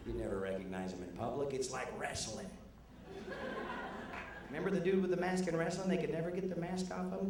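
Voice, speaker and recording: A middle-aged man doing a stand-up comedy set, animated and quick to jump into put-on voices. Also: crowd noise. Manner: animated, jumps into high put-on character voices. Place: comedy club stage. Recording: distant mic in a loud echoey club.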